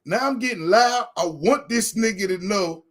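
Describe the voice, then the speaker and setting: A man's voice: sits high, moderate pace, a bit bright. A man telling a heated, profane story in a casual chat, acting out what he said. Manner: heated, profane anecdote with acted-out quotes. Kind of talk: animated storytelling.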